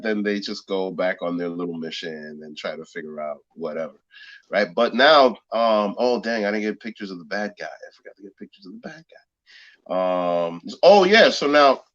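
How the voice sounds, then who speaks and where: A man with a fairly low voice tells a story with lots of energy, laughing and acting out sounds. He's chatting casually on a podcast. The recording is dull and muffled. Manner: animated storyteller, laughs often, mimics sounds. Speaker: podcast co-host. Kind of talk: casual chat. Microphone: phone.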